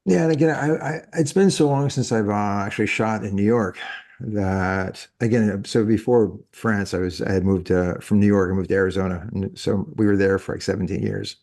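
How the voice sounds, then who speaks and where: Man, 50s, podcast host, low pitch, loose rambling talk, frequent self-corrections. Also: moderate pace, darkish tone. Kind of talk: casual conversation. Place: living in France.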